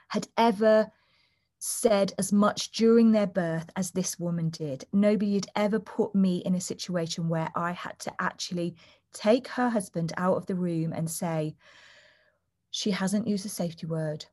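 Woman, doula guest on an interview podcast; earnest, explanatory, slips into voicing the people in her stories, mid-pitched everyday voice. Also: measured pace, mellow. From United Kingdom. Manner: earnest, acts out quoted voices while telling stories.

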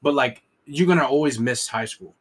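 A young man tells a long story on a casual podcast, rambling and profane. He leans hard on filler words and restarts, and his pitch sits in the middle. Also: normal speed. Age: young adult. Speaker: podcast co-host telling a story.

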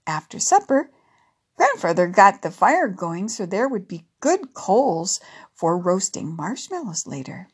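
A woman narrating a children's story in a gentle, expressive way. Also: medium pitch, unhurried, husky.

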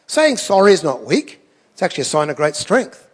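A man's voice: fairly high pitch, sing-song, fairly quick, long reverb tail. A man preaching a sermon, telling stories in a conversational way with self-deprecating asides. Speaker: pastor.

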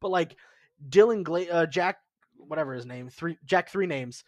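A man hosting a podcast in casual chat, excitable and swearing freely. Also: a little high, normal speed, dry recording. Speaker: podcast host.

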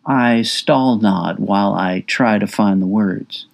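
A man's voice: fairly low pitch, a little slow, gravelly, hardly any pauses. A man narrating his own memoir as an audiobook, intimate and confessional, with raw emotion in his quoted words.

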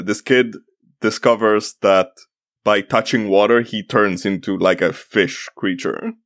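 A man's voice: lowish voice, fairly bright tone, dry recording, studio quality. A man from Italy co-hosting a podcast, chatting casually, rambling and sidetracked, with lots of fillers. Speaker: podcast co-host.

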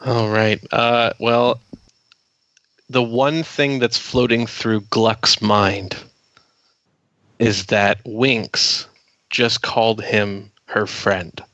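Slow, bright-toned man player. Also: fairly low pitch, fairly even intonation, no echo. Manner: slow, hesitant, chuckling. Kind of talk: tabletop role-play talk. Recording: dull lo-fi audio.

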